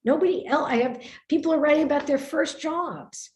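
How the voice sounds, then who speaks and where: A woman from Brooklyn with a New York accent, an author and writing teacher telling stories in an emphatic, animated way at a book event. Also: high-pitched, a little fast. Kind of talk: lively conversation at a book event. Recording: roomy echo.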